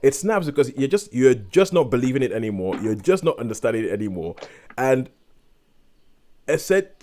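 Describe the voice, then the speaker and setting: A man co-hosting a podcast, giving an animated, exasperated review in casual chat and acting out quotes in sudden high voices. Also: a little fast, a little hiss or hum. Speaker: podcast co-host reviewing a series.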